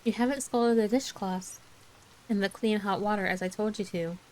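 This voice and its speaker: A woman's voice: mid-range voice, steady tone, moderate pace, darkish tone, natural voice, rough recording. A woman doing a stern, clipped spinster. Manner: curt, disapproving, clipped. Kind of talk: soft ASMR bedtime story reading.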